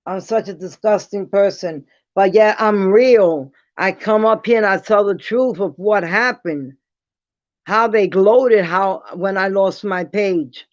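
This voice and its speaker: A woman ranting bluntly to her viewers in a casual vlog, defiant and dropping quick apologies. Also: medium pitch, no room sound. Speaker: vlogger. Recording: dull lo-fi dry sound.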